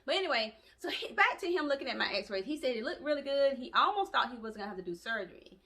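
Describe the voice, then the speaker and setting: A woman vlogger tells her story at a fast clip, chatty and animated. Her voice is bright and forward, and she keeps slipping in colloquial asides. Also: high voice. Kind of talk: casual storytelling to camera.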